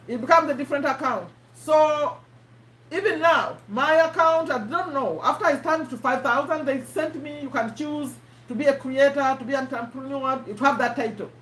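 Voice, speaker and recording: Woman host, high voice, live stream teacher, repeats herself, echoey room. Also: moderate pace, fairly bright tone. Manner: chatty, repeats herself, quizzes her audience. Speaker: host teaching online marketing.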